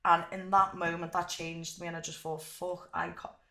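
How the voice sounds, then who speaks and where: Gravelly, lively young woman. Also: lowish voice, normal speed. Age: young adult. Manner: animated storyteller, swears freely. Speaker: guest fighter. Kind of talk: casual interview chat. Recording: echoey room.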